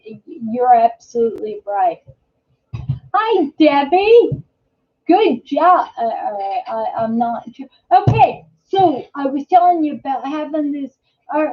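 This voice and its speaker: A woman hosting a live chat stream, telling rambling stories full of fillers and restarts and greeting viewers as they join. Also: high voice. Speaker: host of a live chat show. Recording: dull lo-fi live-stream audio.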